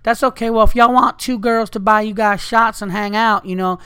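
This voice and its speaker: Brash young Southern woman, as a man puts her on, high sugary drawl, all honey and baby. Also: steady tone, normal speed, pushed and bright, clean tone, no echo, clean studio sound. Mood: brazen. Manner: sweet drawling, calling people honey and baby.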